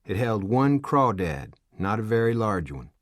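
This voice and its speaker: A man reading an audiobook in an even storytelling manner. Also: fairly low pitch, measured pace, dry recording, clean studio sound. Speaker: audiobook narrator. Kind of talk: scripted narration.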